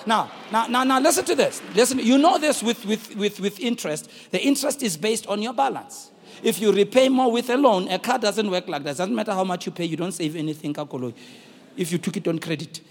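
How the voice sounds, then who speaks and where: A middle-aged man with a South African accent preaching a sermon, telling a story and calling out to the congregation in shouted, sung-out bursts. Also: high voice, a little fast, big-room sound, a little hiss or hum. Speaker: pastor.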